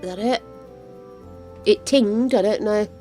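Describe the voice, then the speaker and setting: Older female streamer, chatty and excitable, unhurried delivery, faint music behind. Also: mid-range voice. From United Kingdom. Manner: chatty, talks to viewers, easily excited. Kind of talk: casual live-stream chat while gaming.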